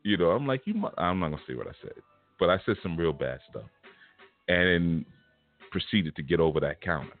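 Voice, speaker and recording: A man giving a casual spiritual lesson, telling a personal story in blunt, streetwise slang. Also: low-pitched. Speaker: spiritual teacher. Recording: tinny phone-like sound with faint music.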